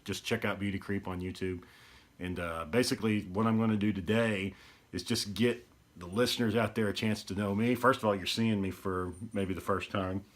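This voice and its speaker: A man's voice: low voice, fairly bright tone. A man, hosting his podcast in a rambling, easygoing casual talk. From East Texas. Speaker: podcast host.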